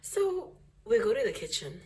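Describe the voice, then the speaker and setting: A young woman vlogger telling a story to her viewers in a dramatic, animated way, laughing often. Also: a little high, moderate pace, slight background noise. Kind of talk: storytime chat.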